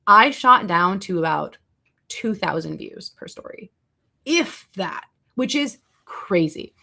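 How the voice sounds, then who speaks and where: A young woman talks casually through a home livestream, rambling from one aside to the next. Her voice has a gravelly, fried edge at an ordinary middle pitch, picked up by a desk mic. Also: animated, pushed and bright. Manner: chatty, rambling, quick asides to chat. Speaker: livestreaming content creator.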